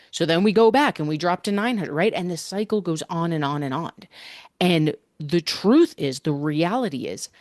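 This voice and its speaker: A woman's voice: fairly low pitch, no room sound, clean studio sound. A middle-aged woman coach hosting a podcast, talking energetically and emphatically in a conversational monologue, often checking in with "right?". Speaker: fitness coach and podcast host.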